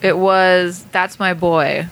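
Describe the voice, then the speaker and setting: A woman in her thirties in casual chat, an animated storyteller who swears freely and laughs often. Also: fairly low pitch, takes it slowly, slight background noise.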